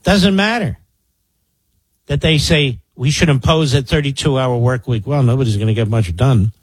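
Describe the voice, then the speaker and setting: A man's voice: mid-range voice, a little fast, slightly rough, no room sound. A man in his sixties from the Philadelphia area, hosting a political talk radio show in a sarcastic, combative way. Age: 60s.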